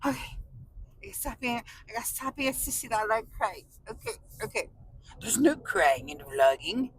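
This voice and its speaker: A woman's voice: on the high side, big pitch swings, moderate pace, a little hiss or hum, low-quality recording. A woman from California vlogging to her viewers in a casual, gushing, emotional way, often close to tears and laughing. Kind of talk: casual chat to camera.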